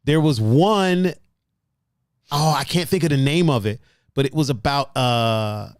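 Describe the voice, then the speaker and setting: A man's voice: mid-range voice, a little slow, no echo, studio quality. A man hosting a casual podcast, talking in a laid-back, slangy way and reading out chat comments. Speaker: podcast host.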